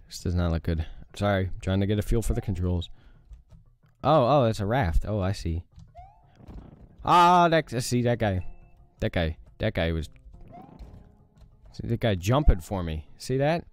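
A young man giving casual let's play commentary, reacting loudly to the game, groaning and swearing. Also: on the low side, animated, moderate pace, long pauses, faint music behind. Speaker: gaming YouTuber.

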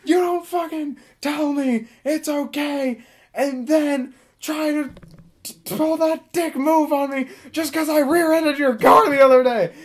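A man voicing a reckless, hot-tempered young woman driver who yells curses in a raised, high voice. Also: fairly even intonation, brisk, hardly any pauses, husky. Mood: furious. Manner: yelling curses.

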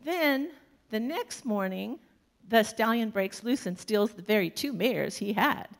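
Slow gravelly woman minister preaching. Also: a little high, expressive. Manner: storytelling, warm-humored, laughs often. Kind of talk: sermon.

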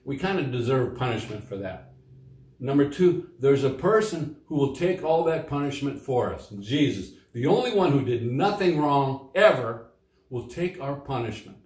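A man's voice: mid-range voice, big pitch swings, normal speed, a little mellow. A man teaching young children a Bible lesson, reading scripture and explaining it in simple words. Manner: simple, plain explanations for kids, reads quoted lines with lifted voice. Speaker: children's Sunday school teacher. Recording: echoey room.

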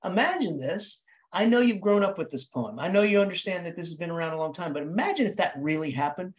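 A male English professor giving a literature lecture with theatrical energy. His voice jumps suddenly from low musings to high exclamations, and he often restarts and repeats words as he talks his way through ideas. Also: fast talker. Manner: animated, dramatic delivery with sudden pitch jumps.

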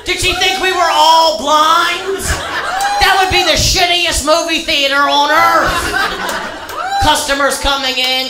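A man in his thirties tears through a stand-up set, profane and ranting, with his voice climbing into shouts. He is on a stage mic in a reverberant club, and a loud crowd laughs around him. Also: very high-pitched, steady tone, slow, very noisy. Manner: foul-mouthed, ranting, rising to shouts. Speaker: stand-up comedian. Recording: echoey club with loud audience. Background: audience laughter.

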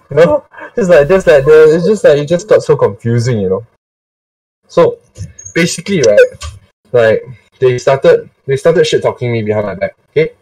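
A young man with a medium-pitched, darkish voice hosts a casual storytime chat, laughing often, swearing casually and sprinkling in Singlish particles. The sound is dry, with no room sound, picked up by a distant mic.

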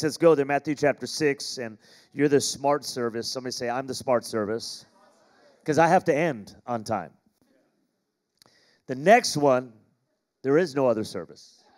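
A man's voice: medium pitch, darkish tone. A middle-aged American man from Los Angeles preaching a sermon, joking with the congregation and calling for responses. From Los Angeles, California. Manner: jokey, calls for audience responses. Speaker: pastor. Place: large church auditorium.

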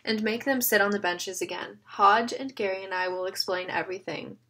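A woman reading an audiobook and voicing a man who explains things calmly and sneers at his rivals. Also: medium pitch, a little fast, a little hiss or hum, lightly acted. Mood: explaining. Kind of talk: audiobook character voice.

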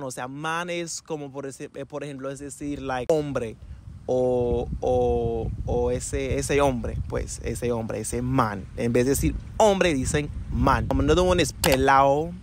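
A man's voice: fairly high pitch, measured pace, dry recording. Laid-back young man teaching slang. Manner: relaxed, loose, mixes English and Spanish, says "like" and "bro" a lot. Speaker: language teacher, channel host. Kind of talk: casual slang lesson to camera.

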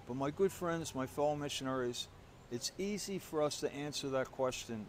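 Man, priest, homily, conversational storytelling, self-deprecating, mid-pitched voice, faint background noise. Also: normal speed. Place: church.

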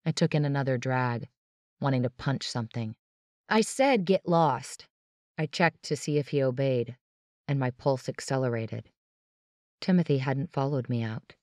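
A woman's voice: a bass voice, steady tone, normal speed, mellow, no echo. Woman narrating a tense audiobook, dry. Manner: tense, dramatic storytelling. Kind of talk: first-person audiobook narration.

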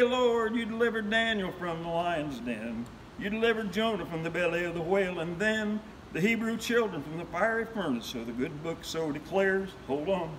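A man reciting a humorous story poem with a steady rhythm. He rises into loud cries at the big moments. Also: high voice, slight background noise, low-quality recording. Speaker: guest.

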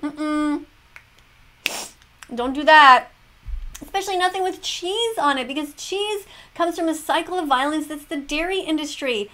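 A woman's voice: high voice, normal speed, hardly any pauses, a bit bright. A woman teacher reacting to a video, lecturing and moralizing as if grading a class. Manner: lecturing, moralizing, grades with check marks. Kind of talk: reaction commentary in mock-classroom style.

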